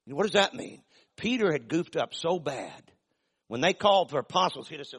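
An older man preaching a sermon in a folksy, emphatic way, with sudden loud bursts and drawn-out phrases. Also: mid-range voice, animated. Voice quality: gravelly, husky. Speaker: pastor.

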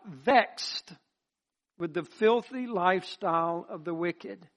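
A man's voice: high voice, measured pace, fairly bright tone. A man preaching a sermon, building to an impassioned, repetitive cadence as he tells his own testimony.

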